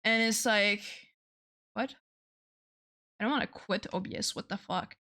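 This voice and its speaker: A woman's voice: medium pitch, unhurried, sharp tone. A young woman from France, chatting casually with viewers on a livestream, playful and swearing freely. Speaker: streamer.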